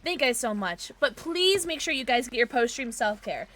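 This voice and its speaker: A woman livestreaming a game from home, chatting excitedly with her viewers and cooing at her pets. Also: fairly high pitch, normal speed. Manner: bubbly and excitable, greets chat; talks baby talk to her pets. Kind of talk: casual livestream chat while gaming.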